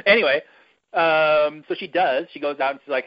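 A man's voice: fairly high pitch, moderate pace, lo-fi sound. A man hosting a podcast, recapping a movie in a rambling, chatty and irreverent way. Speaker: podcast host. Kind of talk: casual chat, movie recap.

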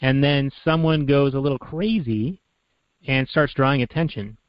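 A male co-host muses aloud in a relaxed, casual manner, with some fillers. His voice sits at a middle pitch. The sound is dry, with no room echo, and dull and lo-fi. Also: normal speed. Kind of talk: casual chat.

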